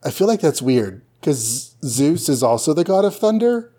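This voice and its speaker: A man's voice: fairly high pitch, big pitch swings, normal speed, mellow, husky. A man co-hosting a podcast, chatting casually and summarizing an old comic, with lots of "like". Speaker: podcast co-host.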